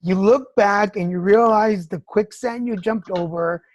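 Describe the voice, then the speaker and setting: A woman's voice: mid-range voice, unhurried, no echo. A woman hosting a podcast, telling personal stories frankly with swearing and laughter. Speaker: podcast host. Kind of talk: candid casual chat.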